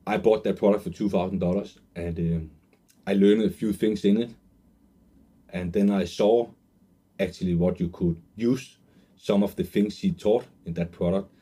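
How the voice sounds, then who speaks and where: A man in his late twenties tells his own story in a heartfelt sales pitch. His voice sits low and dark, with a husky edge. He stumbles and restarts often and gets visibly emotional. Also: steady tone, normal speed. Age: 20s. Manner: earnest and emotional, many fillers and restarts. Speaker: online marketer pitching a course.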